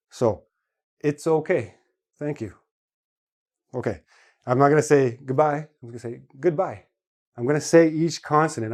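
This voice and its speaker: A man teaching an online English lesson, explaining patiently and demonstrating everyday sounds, sometimes slowly, sometimes quickly. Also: medium pitch, darkish tone.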